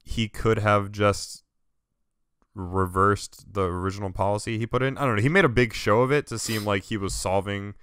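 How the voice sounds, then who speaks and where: A young American man with a low, smooth, resonant voice co-hosts a casual podcast over a remote call. He explains news at length in an animated, profane way. The audio is dry and close. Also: normal speed, no echo. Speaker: podcast co-host. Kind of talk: casual political chat.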